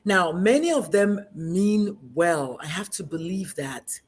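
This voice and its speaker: A woman's voice: on the low side, lively intonation, slow pace, husky. A woman from Nigeria with a Nigerian accent, speaking as a guest in a conversation, emphatic and earnest. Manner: emphatic, earnest, addresses host by name. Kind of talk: casual conversation.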